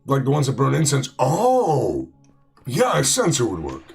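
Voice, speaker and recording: A man talking slowly through a gaming session, his voice husky and gravelly. His pitch swings up and down a lot as he wanders between thoughts, restarting sentences and piling on fillers. Faint music plays underneath. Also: wildly swooping pitch. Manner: rambling, full of fillers and restarts. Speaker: let's play host. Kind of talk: casual gaming commentary.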